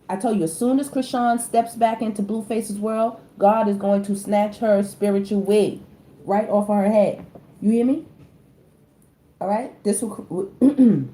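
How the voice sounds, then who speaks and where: A woman's voice: mid-range voice, dark tone. A woman tarot reader, giving casual, emphatic celebrity commentary and often checking in with her viewers. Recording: echoey room, faint background noise.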